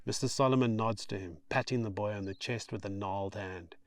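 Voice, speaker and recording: A man reading his own novel aloud in steady, expressive audiobook narration. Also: on the low side, brisk, no room sound.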